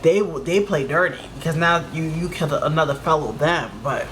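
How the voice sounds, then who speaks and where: A man's voice: a little high, normal speed, fairly bright tone, slight background noise, rough recording. A man hosting a reaction video, chatting incredulously about the story he is watching. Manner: chatty, incredulous, laughs between remarks. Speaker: reaction host. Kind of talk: casual reaction commentary.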